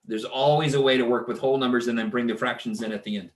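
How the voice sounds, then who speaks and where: A man's voice: mid-range voice, steady tone, fast, reverberant. A man teaching a math lecture, talking himself through the arithmetic and muttering curses under his breath. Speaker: math instructor. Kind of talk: recorded classroom lecture.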